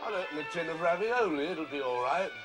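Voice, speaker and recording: A man's voice: fairly high pitch, lively intonation, brisk, music in the background, natural voice. A man playing a weary, placating husband. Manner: soothing, patient, slightly exasperated. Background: loud film score.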